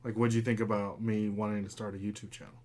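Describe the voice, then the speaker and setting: A man's voice: lowish voice, little pitch movement, quick pace, a little mellow. A man in his thirties hosting a casual live podcast, talking loosely with lots of fillers and reading out viewer comments. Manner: loose and chatty, many fillers, talks to his dog. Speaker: podcast host.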